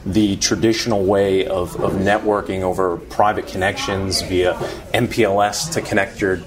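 A man, a sales manager guest, explaining network products in a measured way. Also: sits low, steady tone, background noise. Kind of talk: technical business explanation. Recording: crowd chatter behind.

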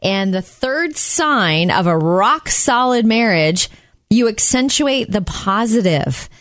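Animated female co-host, mid pitch, dry studio sound. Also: takes it slowly, no echo. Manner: animated storyteller, lively. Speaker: radio co-host. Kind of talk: casual chat.

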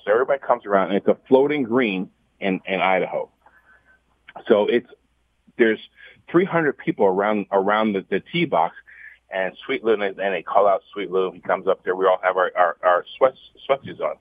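A man, a guest on a radio talk show, telling a lively story and stumbling over repeated words as he restarts. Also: on the low side, normal speed. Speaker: guest, former basketball showman. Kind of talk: storytelling, casual chat. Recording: dry tinny phone line.

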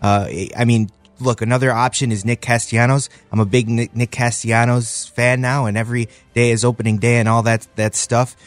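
An upbeat man on a sports talk panel gets excited about roster moves, stopping to restart his sentences now and then. His voice sits at a middle pitch. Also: a little fast, hardly any pauses, soft background music.

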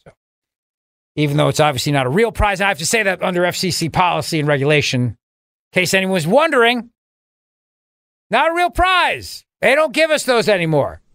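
A man's voice: high-pitched, very animated, fast, a bit bright, no room sound, studio quality. A male radio talk show host bantering sarcastically, rambling and laughing at his own jokes. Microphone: studio microphone.

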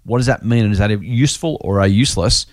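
Jokey host, dry close sound. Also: male voice, on the low side, quick pace, dry recording. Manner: jokey, reads listener mail aloud with lively emphasis. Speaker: podcast host. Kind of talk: casual podcast chat.

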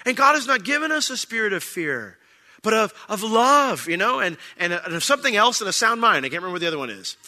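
Pastor guy preaching in church, really bright punchy voice, kinda high, gets loud and emphatic. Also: big pitch swings, quick pace. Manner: conversational preaching, rising to loud emphatic bursts. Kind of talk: sermon. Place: church sanctuary.

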